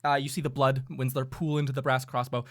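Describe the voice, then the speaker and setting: A man's voice: mid-range voice, level tone, fast, fairly bright tone. A man narrating as game master in a casual, chatty way, laughing often.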